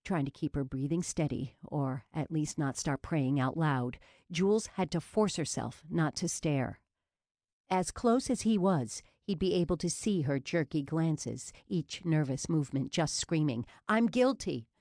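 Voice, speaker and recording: Female audiobook narrator, low register, dry close read, steady and measured. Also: no room sound.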